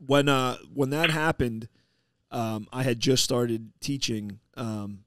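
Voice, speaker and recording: A man hosting a podcast, telling stories in a casual, animated way and acting out the people he quotes. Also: mid-range voice, takes it slowly, a little hiss or hum. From New York. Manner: animated, acts out quoted people, swears freely. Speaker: podcast host. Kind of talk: casual storytelling chat.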